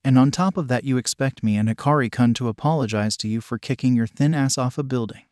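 A man's voice: mid-range voice, fast, a little mellow, no echo, close to an everyday voice. A man voicing a blunt, protective teenage boy who talks sarcastically, in a dry fan fiction reading. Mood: sarcastic. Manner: sarcastic, brash.

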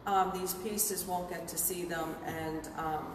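Woman, tour co-host, halting and filler-heavy, heard from a distance in a reverberant hall. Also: on the low side, steady tone, a little hiss or hum. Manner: hesitant, many fillers. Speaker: museum co-host. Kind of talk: casual tour talk. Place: large museum gallery indoors. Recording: echoey gallery, distant mic.

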